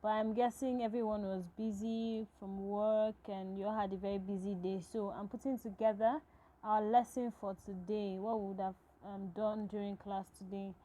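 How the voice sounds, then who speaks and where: A woman's voice: medium pitch, little pitch movement, moderate pace, warm tone, low-quality recording. A woman teaching a French lesson to absent students, talking patiently, repeating each phrase and checking in with "okay?".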